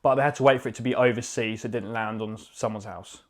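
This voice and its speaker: A man's voice: on the low side, fairly even intonation, fast. A man co-hosting a podcast, casual chat, joking and swearing as he acts out voices. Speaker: podcast co-host.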